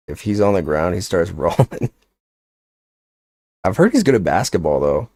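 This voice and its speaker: A man's voice: low voice, big pitch swings, normal speed, long pauses, warm tone, no room sound. A young man chatting casually on a livestream, rambling and joking with lots of filler words. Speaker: streamer.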